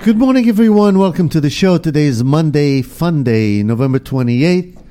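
A man's voice: fairly high pitch, lively intonation, moderate pace, over music. A man hosting a morning radio show from a studio microphone, joking and upbeat with loose filler words. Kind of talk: casual radio chat.

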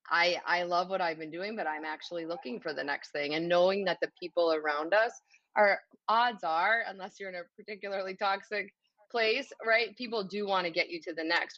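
A woman with a lowish voice talks reflectively on a casual panel show. She thinks aloud with plenty of fillers. The recording is dry and slightly dull, lacking the top end. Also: a bit bright, no echo.

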